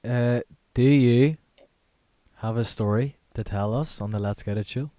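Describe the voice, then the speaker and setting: A man's voice: mid-range voice, a little slow, mellow, dry recording. A man co-hosting a call-in show, joking and giggling with callers. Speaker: co-host.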